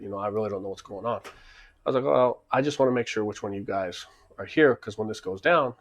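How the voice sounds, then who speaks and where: A man casually telling a rambling story, acting out the back-and-forth. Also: lowish voice.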